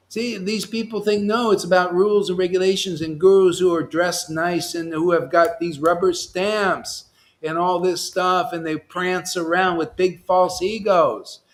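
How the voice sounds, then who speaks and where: A man leading an online devotional class, talking in an animated, impassioned way that swings between loud urging and soft asides. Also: sits high. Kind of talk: impassioned casual teaching.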